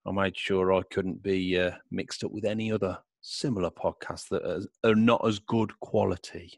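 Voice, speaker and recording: A man hosting a podcast in a chatty, jokey way and laughing loudly. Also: low voice, fairly even intonation, moderate pace, gravelly, no echo. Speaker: podcast host. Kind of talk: casual podcast chat.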